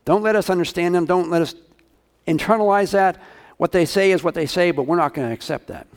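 A man's voice: high-pitched, brisk. A male pastor preaching a sermon, talking casually and asking his congregation questions.

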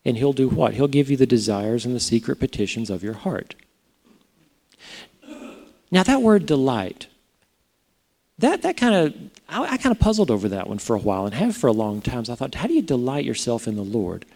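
A pastor delivers a sermon in a mellow, warm voice. His pitch moves up and down a lot, and he talks casually, checking in with the congregation through rhetorical questions. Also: big pitch swings, normal speed, pauses often.

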